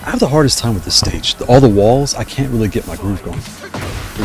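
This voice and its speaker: A man's voice: medium pitch, lively intonation, a little fast, music in the background. A tired man streaming a fighting game and chatting as he reacts aloud to each round. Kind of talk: live gameplay commentary.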